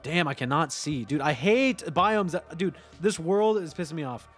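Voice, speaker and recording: A man chatting casually on a gaming livestream, excitable, laughing often, swearing and breaking into sudden yelps. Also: a little high, moderate pace, soft background music. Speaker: streamer.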